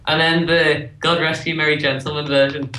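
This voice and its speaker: Guy chatting with lots of ums, bright tone, roomy echo, sounds far from the mic. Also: a little high, flat delivery, normal speed. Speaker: guest. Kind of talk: casual chat. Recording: echoey room, off-mic.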